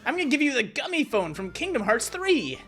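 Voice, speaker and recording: A nervous, nerdy female lizard scientist, played by a man streaming a game stammers and trips over her words. The voice sits high above his own and wavers with lively pitch, faint music underneath. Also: a little fast, heavily acted. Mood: flustered. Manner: stammering, hesitant. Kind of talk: streamer voicing game dialogue.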